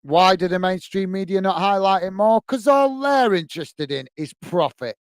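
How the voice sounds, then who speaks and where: A man's voice: sits high, moderate pace, clear, resonant tone, no echo. A man hosting a live football watch-along stream. He rants passionately and chats with viewers, calling them mate, between bits of match commentary. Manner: passionate, ranting, chatty, addresses viewers as mate.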